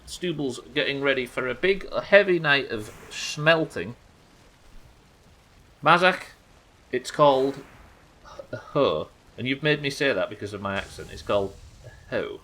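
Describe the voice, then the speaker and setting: A man's voice: medium pitch, bright, forceful tone, slight background noise. A young man hosting a live game stream, bantering with chat in a sweary, exasperated way. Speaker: streamer host.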